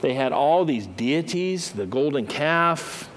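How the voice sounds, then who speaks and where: A man's voice: a little high, animated, takes it slowly, slight background noise, poor audio. Conversational male preacher telling Bible stories. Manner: conversational storytelling, acting out the characters. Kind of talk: sermon.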